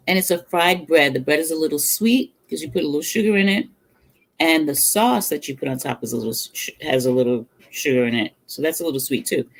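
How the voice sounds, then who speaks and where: A middle-aged home cook chats on a livestream while eating. The voice has a gravelly fry. Sentences drift off into murmurs over the food and break into laughter. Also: mid-range voice, fairly bright tone. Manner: chatty storyteller, laughs often; talks between bites, murmurs over food. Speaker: cooking vlogger.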